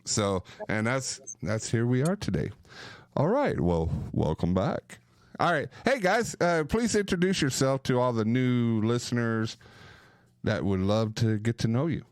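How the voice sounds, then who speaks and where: A man's voice: medium pitch, sing-song, unhurried, no room sound, clean studio sound. A man hosting a podcast, chatting with guests in a playful, joking way. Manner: jokey, playful. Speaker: podcast host. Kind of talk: lively casual chat.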